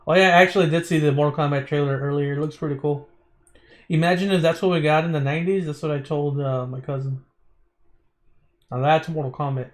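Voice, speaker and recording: A man's voice: fairly high pitch, steady tone, fairly quick. A man streaming a visual novel, reading the text aloud in a casual way, stumbling over words and breaking off into chatty asides.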